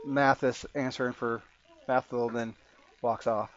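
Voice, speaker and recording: A man narrating as game master of a tabletop game, with halting, rambling delivery. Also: mid-range voice, steady tone. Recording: muffled lo-fi audio.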